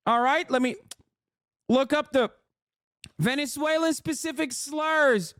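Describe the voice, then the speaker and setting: A man's voice: very high-pitched, takes it slowly, long pauses, a bit bright, no room sound, clean studio sound. A man streaming as he reacts to a video, ranting in a heated, sarcastic and profane way. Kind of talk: casual reaction commentary.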